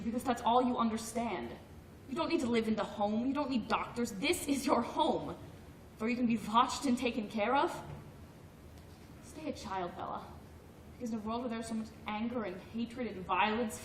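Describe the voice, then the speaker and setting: Cast an older actress as a hard, cold grandmother, blunt and clipped, slightly high voice, roomy distant film sound. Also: fairly bright tone, slight background noise, close to an everyday voice. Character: stern, cold old grandmother who runs a store. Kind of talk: film drama acting.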